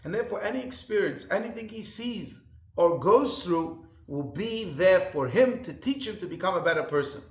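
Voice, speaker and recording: A man's voice: high-pitched, animated, moderate pace, roomy sound. Earnest man telling a sermon story. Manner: earnest, storytelling, emphatic repetition. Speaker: rabbi.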